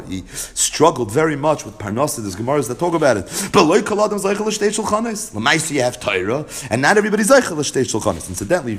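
A man with a Yeshivish English accent teaching a Talmud lesson, retelling the story in an animated, sing-song study cadence. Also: medium pitch. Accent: American Yeshivish English with Hebrew-Aramaic terms. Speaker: Torah teacher.

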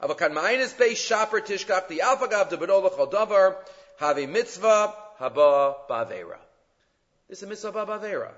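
Guy giving a talmud lecture, kinda high voice, lots of hebrew terms, muffled with a long echo. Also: moderate pace. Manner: animated, rising to emphatic peaks, mixes Hebrew and Aramaic terms. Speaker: Talmud teacher. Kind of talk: lecture on Jewish law. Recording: muffled sound in a reverberant room.

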